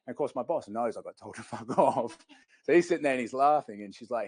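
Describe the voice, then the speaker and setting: A sales trainer with a mid-range, husky voice speaks fast in a clean, echo-free recording. Running a recruitment sales workshop, he tells stories energetically and addresses the whole room.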